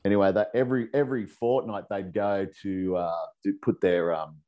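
A man's voice: sits low, fairly even intonation, moderate pace, lo-fi sound. A middle-aged Australian man telling rambling, profane stories in a casual chat, laughing as he goes. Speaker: guest.

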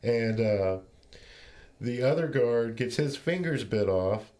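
A man's voice: mid-range voice, animated, takes it slowly, dark tone. Rambling male podcast co-host. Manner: rambling, recounts plot with quoted voices. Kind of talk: casual movie recap chat.

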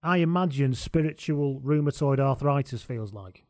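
A man's voice: medium pitch, moderate pace, a little mellow. A man hosting a casual sports chat, delivering dry, jokey quips. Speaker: podcast host.

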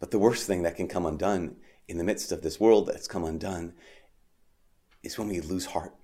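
A man preaching a homily at Mass in a conversational way, with frequent "like" and restarts, rising for emphasis and dropping soft on key lines. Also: deep voice, normal speed.

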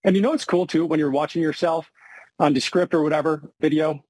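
A man's voice: on the high side, fairly even intonation, brisk, a little mellow, dry recording. A man speaking as a podcast guest, a retirement planner explaining with self-deprecating asides. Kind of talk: conversational podcast interview.

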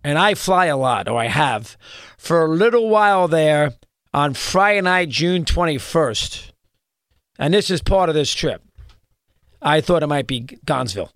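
A rambling male talk show host tells a story at a fairly high pitch, tripping over restarts as he gets worked up. The sound is close and dry, with no room around it. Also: unhurried, no room sound. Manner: rambling, excitable, many restarts. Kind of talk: storytelling monologue.

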